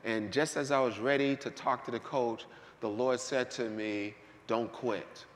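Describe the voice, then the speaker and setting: A man preaching a sermon, swinging between hushed asides and shouted peaks in a church sanctuary. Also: mid-range voice, fairly even intonation, moderate pace, slight background noise. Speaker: pastor. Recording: long hall reverb.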